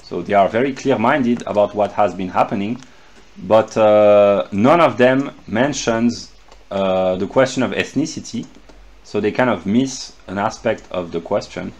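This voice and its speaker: A man giving an unscripted lecture, pausing often with fillers and restarting his sentences. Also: lowish voice. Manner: halting, many fillers and restarts. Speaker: lecturer explaining a chart.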